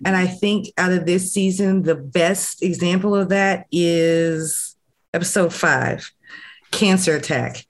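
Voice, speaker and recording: Mid-pitched voice, casual podcast talk, chatty recap, fillers and restarts. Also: takes it slowly. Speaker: podcast co-host or guest.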